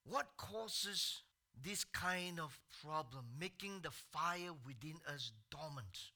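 A man preaching a sermon to his congregation, moving from slow, quiet passages to loud shouted outbursts and rhetorical questions. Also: on the high side, expressive. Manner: swings from soft, slow talk to shouted outbursts. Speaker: pastor.

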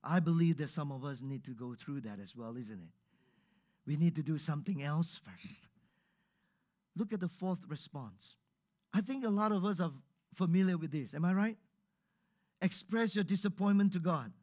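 A man's voice: on the high side, lively intonation, moderate pace, long pauses, a little mellow. A man preaching a sermon who repeats his key lines for emphasis and keeps asking the congregation for a response. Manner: call-and-response, emphatic repetition. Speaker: pastor.

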